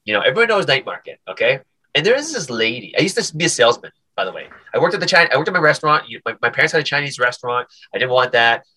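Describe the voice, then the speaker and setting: Talking very fast with a breathy edge, a medium-pitched male comedian shares stories as a podcast guest. In this casual interview he's animated, stammers and restarts a lot, and imitates voices.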